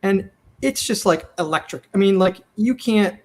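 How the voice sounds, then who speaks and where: A man with a bright, high-pitched voice tells stories from running a TV comedy, animated and chatty. He jumps into quoted lines, acting out each person as he goes. His talk is loose and conversational, like an interview guest swapping stories. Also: normal speed. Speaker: TV comedy writer and showrunner. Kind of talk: casual storytelling interview.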